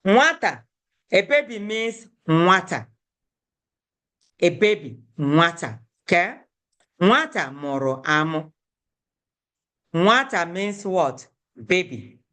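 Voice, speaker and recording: A woman's voice: fairly low pitch, big pitch swings, slow pace, pauses often, a bit bright. A woman teaching a beginner language class, patiently repeating each word and breaking words into syllables.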